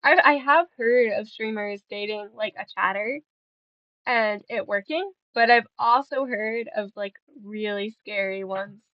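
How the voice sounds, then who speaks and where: A woman's voice: medium pitch, unhurried, no room sound, muffled recording. A young woman streaming and chatting casually with viewers, playful and giggly, rambling between stories.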